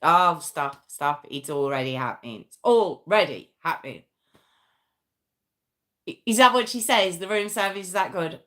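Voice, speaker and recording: A woman's voice: fairly low pitch, lively intonation, moderate pace, pushed and bright. A woman hosting a true crime live stream, chatting casually and self-mockingly with viewers while reading the comments. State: sore arm. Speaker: true crime livestream host.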